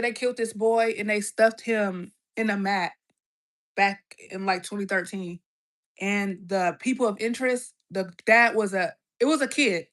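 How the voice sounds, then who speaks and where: A woman's voice: mid-range voice, fairly bright tone. Chatty woman vlogger talking to viewers. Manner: chatty, addresses viewers as y'all, trailing restarts. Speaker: vlogger reacting to a documentary. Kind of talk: casual chat to viewers.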